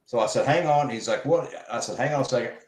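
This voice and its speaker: A man telling a casual shop story, animated and mimicking the people he quotes. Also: mid-range voice, fast, reverberant, poor audio.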